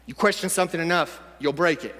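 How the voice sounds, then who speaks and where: A man giving an energetic, punchy motivational speech to a young audience in a large conference hall. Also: a little high, quick pace. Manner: energetic, punchy, addressing the crowd directly. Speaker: motivational speaker.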